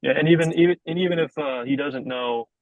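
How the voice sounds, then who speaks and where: A man's voice: fairly high pitch, quick pace, dry recording, muffled recording. A young adult man improvising a story as co-host, narrating in a hesitant, filler-heavy way. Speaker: podcast co-host.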